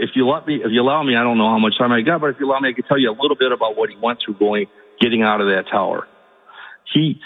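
A man's voice: medium pitch, slightly rough. Emotional male radio caller on phone. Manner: emotional, halting storytelling. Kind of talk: call-in radio talk. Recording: phone line with long reverb.

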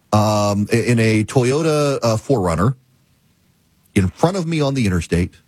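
A middle-aged male host with a husky, slightly breathy voice, riding a lively, up-and-down pitch as he rants. His delivery is casual and exasperated, and the studio sound is close and dry. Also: no echo. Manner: animated, exasperated ranting. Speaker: talk show host. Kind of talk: casual opinion commentary.

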